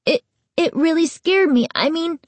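A woman voicing a frightened young boy who pleads and stammers in a high voice, for a storybook reading. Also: big pitch swings, slow, bright, forceful tone, no echo, heavily acted. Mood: stammering. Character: frightened young boy, whiny little brother.

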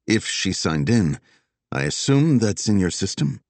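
A guarded female FBI agent speaking in short, deadpan lines, voiced by a male narrator in an audiobook. The voice stays low and close-miked, with no room sound. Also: measured pace, vocal fry, no echo, exaggerated voice.

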